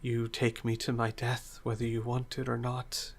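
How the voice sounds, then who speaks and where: Man voicing a frail, remorseful captive, hushed and half-whispered. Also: mid-range voice, monotone, moderate pace, natural voice. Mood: resigned. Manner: quiet, resigned, half-whispered. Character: weak, frail, remorseful male prisoner.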